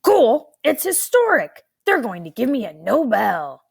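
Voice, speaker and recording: A woman's voice: fairly high pitch, big pitch swings, a little slow, vocal fry, a little mellow, breathy edge, pitched above the performer's own voice, heavily acted. Woman voicing a snarky grandpa in a boy's body. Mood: boastful. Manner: snarky, impatient, boastful. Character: cranky grandfather scientist turned thirteen-year-old boy.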